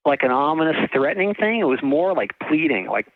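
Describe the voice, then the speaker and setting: Man, middle-aged, from California, halting storyteller, frequent restarts, slightly high voice, tinny phone-like sound. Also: big pitch swings. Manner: halting, full of restarts and fillers, laughs often. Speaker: author and guest. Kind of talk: casual storytelling interview.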